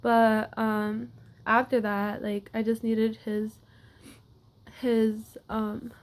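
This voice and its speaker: A woman's voice: a little high, level tone, very slow. A young woman athlete casually telling a personal story to camera, with lots of filler words. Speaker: wrestler.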